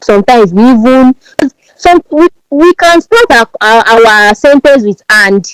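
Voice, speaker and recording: Nigerian woman, yoruba accent, fairly high voice that jumps all over, podcast guest talking emphatic, dry close sound. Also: a little slow, smooth, no echo, low-quality recording. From Nigeria, Ibadan. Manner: animated, emphatic, repeats words as she speaks. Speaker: podcast guest, branding strategist. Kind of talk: podcast interview.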